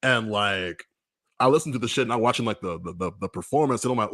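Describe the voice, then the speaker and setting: A man co-hosting a casual music review chat, telling stories in an animated, profane way with frequent laughs. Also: fairly low pitch, fast talker, no echo, studio quality. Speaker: podcast co-host.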